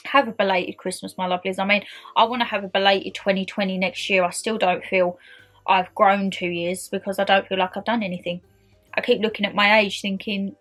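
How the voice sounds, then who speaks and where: A woman's voice: mid-range voice, level tone, brisk, fairly bright tone, soft background music. A woman in her twenties chatting casually to camera in a year-end vlog, bubbly and friendly, calling her viewers "my lovelies". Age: 20s. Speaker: YouTuber.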